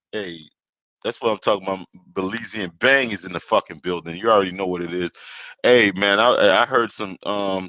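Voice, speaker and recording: Caribbean-born male podcast host, low forceful voice, angry swearing rant, dull dry lo-fi sound. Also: no echo. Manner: heated, swearing, rambling with repeats. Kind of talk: profane solo rant.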